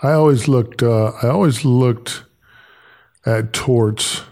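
A man's voice: mid-range voice, takes it slowly, darkish tone. A man hosting a podcast, telling casual stories and often laughing as he talks. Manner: chatty storyteller, laughs while telling anecdotes. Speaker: podcast host. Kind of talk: casual interview chat.

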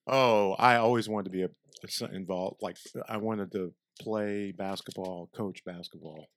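A man's voice: fairly low pitch, fairly even intonation, measured pace, no echo, clean studio sound. A middle-aged man from southern Illinois, a podcast guest telling stories in an easygoing, rambling way. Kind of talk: casual chat.

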